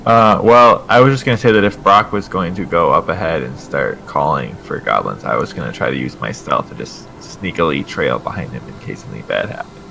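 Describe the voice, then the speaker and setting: A man with an extremely deep, gravelly voice casually explains his plan in a tabletop game. His tone is bright, with faint noise behind him. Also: expressive, a little fast, hardly any pauses.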